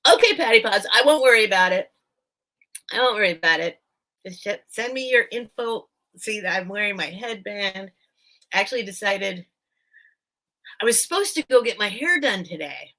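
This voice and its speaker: A woman's voice: mid-range voice, expressive, normal speed, long pauses, pushed and bright. A woman hosting a casual live vintage sale from home, chatting and thinking aloud straight to her viewers. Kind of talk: casual live-stream selling chat.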